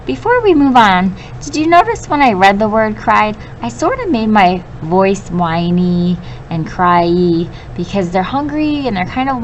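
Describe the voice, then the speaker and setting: A woman teacher reading a story aloud to children and pausing to explain vocabulary, patient and clear. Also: mid-range voice, slight background noise, poor audio.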